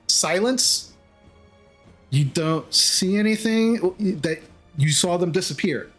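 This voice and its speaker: A man running a tabletop game as game master, narrating in a relaxed way with many fillers. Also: high-pitched, slow pace, soft background music.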